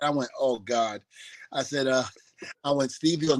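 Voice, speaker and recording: A man's voice: medium pitch, moderate pace. A man from New York, a guest on an interview show, telling a story and acting out the other people's voices in it. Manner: animated storyteller who acts out the voices of the people in his story. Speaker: guest, former wrestler.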